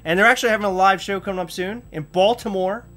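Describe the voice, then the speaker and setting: A man hosting a podcast, telling a story in a casual, animated way with sudden loud outbursts. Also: high-pitched, fast, soft background music. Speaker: podcast host.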